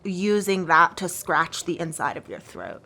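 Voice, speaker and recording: A woman's voice: fairly low pitch, big pitch swings, measured pace, gravelly, sharp tone. A woman co-hosting a let's play, chatting casually with jokes and frequent laughter. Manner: joking, self-deprecating, laughs often. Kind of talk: casual gaming chat.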